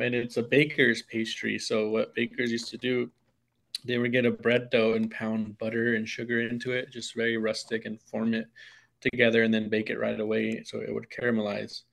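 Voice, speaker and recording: A man with a gravelly, creaky voice explains his baking in a radio studio, earnest and halting, often restarting his sentences. His pitch is medium. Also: flat delivery, fairly bright tone. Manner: hesitant, many restarts, earnest. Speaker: guest baker. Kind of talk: studio interview.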